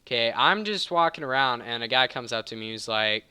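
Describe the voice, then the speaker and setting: Clear, bright-voiced young man rambling a story. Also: medium pitch, expressive, moderate pace, no room sound. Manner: rambling, self-correcting, heated storytelling; casual and profane. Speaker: gaming channel host. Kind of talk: storytelling over gameplay commentary.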